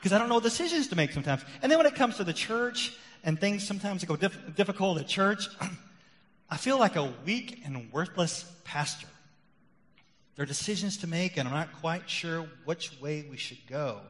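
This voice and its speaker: A middle-aged male pastor preaching a sermon, rising loud and emphatic on key points, then dropping quiet and confessional. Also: high voice, animated, normal speed. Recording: long hall reverb.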